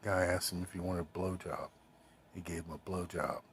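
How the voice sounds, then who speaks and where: Low and very husky, a man's steady voice moves at a moderate pace as he tells a rambling, swear-laden personal story, quoting others as he goes. A little hiss or hum sits in the recording.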